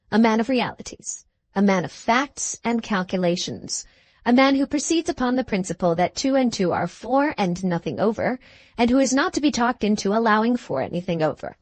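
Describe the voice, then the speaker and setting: A woman reading an audiobook in measured, even scripted narration. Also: mid-range voice, no echo.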